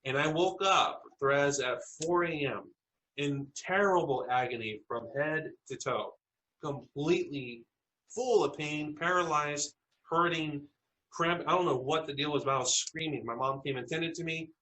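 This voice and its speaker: A man from South Texas, a podcast interview guest, earnestly telling personal stories with halting restarts. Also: a little high, sharp tone, slight background noise, rough recording.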